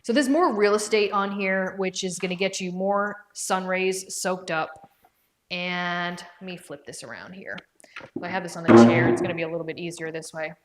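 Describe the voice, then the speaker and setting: Speaking at a normal speed in a lowish voice, a woman runs a casual livestream from her home with her dog beside her. As a product presenter, she chats away, greets viewers by name, reads their comments aloud, and thinks out loud while checking prices.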